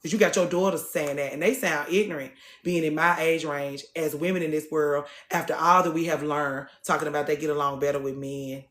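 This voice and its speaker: A woman's voice: deep voice, steady tone, fairly quick, a bit bright. Woman, live-stream host, blunt, preachy, cursing, echoey room. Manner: blunt, preachy, swears freely. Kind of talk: casual live-stream talk to viewers.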